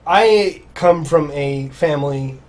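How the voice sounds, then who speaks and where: A young man co-hosting a gaming podcast from his home office, halting and restarting his sentences. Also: on the high side, darkish tone. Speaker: podcast co-host and editor. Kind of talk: casual chat.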